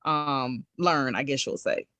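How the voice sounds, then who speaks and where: A woman's voice: a bass voice, slow pace, bright, forceful tone, no room sound. Woman parent chatting on a dry call. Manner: laughing, reflective, loose. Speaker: attendee, parent. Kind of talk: casual webinar chat. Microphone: video call.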